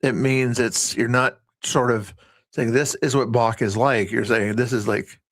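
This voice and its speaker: A man's voice: medium pitch, fairly even intonation, a little slow, a bit bright, dry recording. A man hosting a casual livestream, rambling and often breaking off mid-sentence. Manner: rambling, self-interrupting. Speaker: livestream host.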